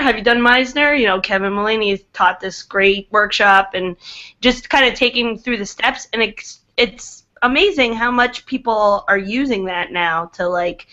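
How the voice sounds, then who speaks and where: A woman's voice: mid-range voice, bright, forceful tone, lo-fi sound. A woman improv coach chatting casually, with many fillers as she explains. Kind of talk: casual panel chat.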